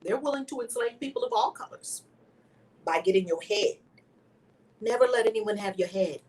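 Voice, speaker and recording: A woman hosting a spiritual video channel teaches to camera with impassioned, preacher-like energy, swinging from loud exclamations to hushed whispers. Her voice is medium-pitched and animated at a moderate pace, picked up by a somewhat distant mic with faint background noise.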